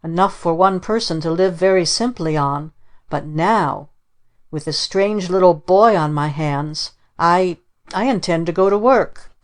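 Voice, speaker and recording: A woman's voice: on the low side, measured pace, close to an everyday voice. A woman reading the part of a proud, flustered lady in a storybook, prim and earnest.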